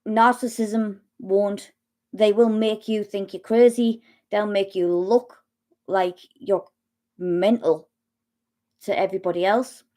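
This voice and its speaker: A middle-aged woman speaking slowly and haltingly about her own experience, pausing often and restarting her sentences. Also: mid-range voice, fairly even intonation, warm tone. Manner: slow, halting, with long pauses and restarts. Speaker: speaker sharing personal experience. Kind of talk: personal testimony talk.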